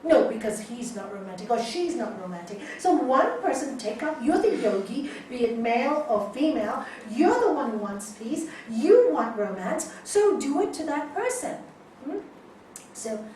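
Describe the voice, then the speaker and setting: Woman yoga teacher, somewhat high voice, storyteller who acts out the dialogue, recorded from afar in a very echoey room. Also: a little mellow, a little hiss or hum. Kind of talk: teaching talk to students. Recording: echoey room, mic at a distance.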